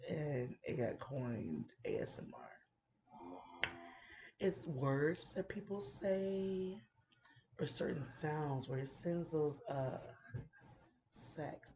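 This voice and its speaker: Playful woman, very low voice. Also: big pitch swings, slow, background noise. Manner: playful, giggly, drops into soft whispers. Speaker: podcast host. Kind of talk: casual chat.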